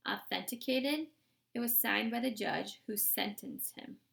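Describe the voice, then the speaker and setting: A woman voicing a brash female defense lawyer who makes sharp, threatening legal demands. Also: fairly high pitch, a little slow, gravelly, exaggerated voice. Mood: forceful.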